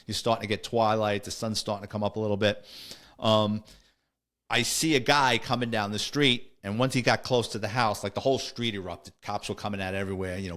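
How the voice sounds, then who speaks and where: A man's voice: on the low side, expressive, moderate pace, fairly bright tone. A man, a podcast host and former police officer, telling a war story in a blunt, streetwise, matter-of-fact way. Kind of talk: casual storytelling.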